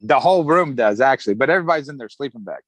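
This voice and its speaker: A middle-aged Army vet rattles off his story in rapid-fire fashion at a medium pitch, relaxed and casual in an interview. He chuckles as he acts out other people's quotes, and the low-quality recording has no echo.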